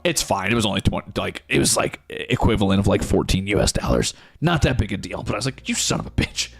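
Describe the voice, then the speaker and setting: A man's voice: on the low side, fast, gravelly, slightly rough, faint music behind. A man telling a story casually to his chat as a streamer, swearing often and telling it with energy. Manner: profane, animated storytelling.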